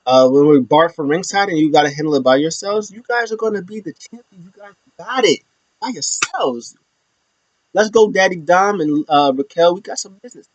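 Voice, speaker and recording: A man casually recapping a wrestling show alone, rambling with lots of fillers and slipping into high voices for quotes. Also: lively intonation, moderate pace, no room sound.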